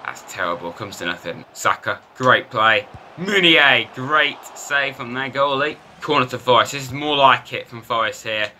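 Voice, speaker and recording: A man commentating his football video game in a lively, self-mocking way. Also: medium pitch, moderate pace, a little hiss or hum. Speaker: gaming YouTuber.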